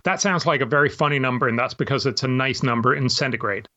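A man's voice: mid-range voice, quick pace, bright, forceful tone, muffled recording. A man, an author and guest, explaining his view at length with examples and imagined quotes in an interview. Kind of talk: interview answer.

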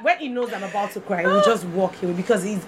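A woman's voice: mid-range voice, quick pace. A woman co-hosting a casual podcast, chatty and chiming in with side comments. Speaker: podcast co-host. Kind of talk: casual rant chat. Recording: loud background noise.

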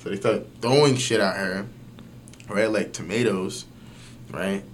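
A young man telling a story in casual podcast chat, slangy and animated, swearing often and using lots of fillers. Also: on the low side, unhurried, slight background noise. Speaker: podcast guest.

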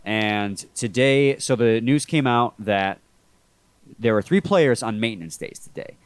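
A man with a head cold hosts a sports podcast, his voice congested and sitting at an ordinary middle pitch. He talks in a laid-back, rambling way, often restarting his sentences. The recording is dry and close, with no room sound. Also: measured pace, clear, resonant tone, no echo. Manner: relaxed, rambling, self-correcting. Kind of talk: casual sports podcast chat.

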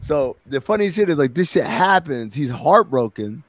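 A young man telling a comedic story on a podcast, animated and slangy, with plenty of profanity. His voice sits a little high for a man. The sound is dry and close, with almost no room around it. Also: normal speed, dry recording.

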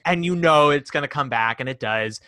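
A man co-hosting a casual chat about a musical, animated and acting out quoted lines. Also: fairly quick, dry recording, studio quality. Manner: animated, acts out quoted lines in high voices. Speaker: podcast co-host.

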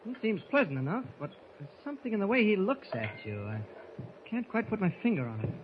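An actor playing a polite, inquisitive newspaper reporter, in 1940s radio drama style, on a dull, hissy old radio recording. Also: male voice, high-pitched, wildly swooping pitch. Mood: curious. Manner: courteous, inquisitive, measured.

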